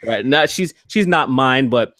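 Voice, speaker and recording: A man's voice: mid-range voice, animated, a little slow, a bit bright, no echo, studio quality. A man hosting a casual podcast, rambling and crude, with frequent restarts and laughter. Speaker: podcast host.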